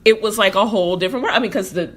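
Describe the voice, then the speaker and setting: A woman's voice: mid-range voice, very fast, husky. A woman host from the United States telling stories in a casual chat, acting out quotes and laughing often. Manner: animated storyteller, acts out quotes, laughs often. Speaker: podcast host.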